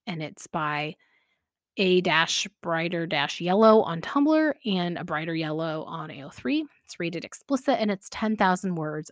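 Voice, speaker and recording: A woman's voice: on the low side, no room sound, clean studio sound. A woman hosting a podcast, chatting casually with frequent laughs and fillers. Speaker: podcast host. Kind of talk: casual chat about fan fiction.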